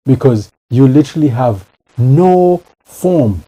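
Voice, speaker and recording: A man's voice: mid-range voice, moderate pace, dark tone, slightly rough, rough recording. A man in casual chat who talks emphatically and repeats phrases to drive a point home.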